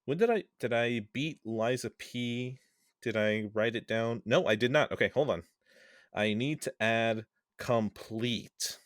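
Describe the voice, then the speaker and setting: A man's voice: medium pitch, measured pace, no room sound, clean studio sound. Rambling casual man hosting a podcast. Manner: rambling and self-correcting, swears casually. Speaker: podcast host.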